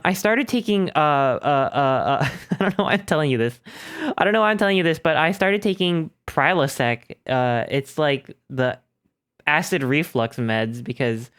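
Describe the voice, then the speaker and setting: A man's voice: a little high, fairly bright tone, clear, resonant tone, no echo, clean studio sound. A young man streaming from home into a desk microphone, rambling and joking about himself with lots of restarts. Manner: rambling, chatty, self-deprecating, with many restarts. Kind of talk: casual live-stream chat. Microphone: desk microphone through an audio interface.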